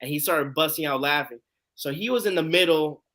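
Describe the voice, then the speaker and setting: A man's voice: fairly high pitch, fairly quick. A man hosting a live online show, telling a long story in a casual way and acting out what people said. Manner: animated storyteller acting out quotes. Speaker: host.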